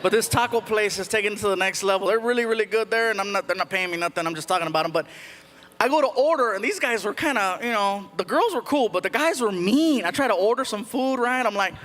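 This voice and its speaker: A man performing an animated stand-up comedy routine on a theater stage, slipping in loud put-on voices. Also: high-pitched, quick pace, big-room sound. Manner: animated, puts on loud shouty Spanish-speaking voices. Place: large theater stage with a live audience. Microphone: stage microphone. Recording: live theater show with loud crowd noise.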